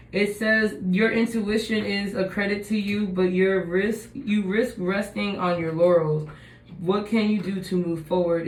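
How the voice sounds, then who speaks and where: A woman giving a casual tarot reading, musing and thinking aloud as she turns over the cards. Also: medium pitch. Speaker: tarot reader. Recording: echoey room.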